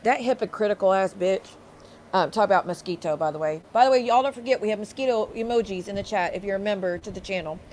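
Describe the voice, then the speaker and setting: A woman's voice: mid-range voice, darkish tone, a little hiss or hum. A woman hosting a livestream, ranting angrily with heavy profanity and sarcastic mockery. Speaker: streamer host. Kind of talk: livestream rant.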